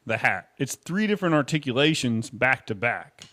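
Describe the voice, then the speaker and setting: A man's voice: mid-range voice, very animated, moderate pace, pushed and bright. A man teaching a casual drum lesson, chatty and counting rhythms aloud over his kit. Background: drum kit playing.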